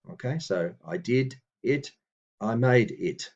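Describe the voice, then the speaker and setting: A man teaching a lesson, reading out phrases slowly and deliberately, with hesitant fillers between explanations. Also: medium pitch, lively intonation, darkish tone, muffled recording. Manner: slow and deliberate on old words, with hesitant fillers. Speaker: language teacher. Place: room with books on a table.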